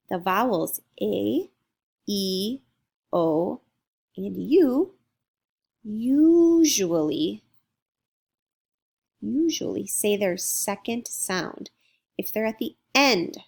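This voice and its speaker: Slow, gravelly woman teaching phonics. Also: medium pitch. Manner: slow, clear, sounding out letters and syllables. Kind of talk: phonics lesson for young children.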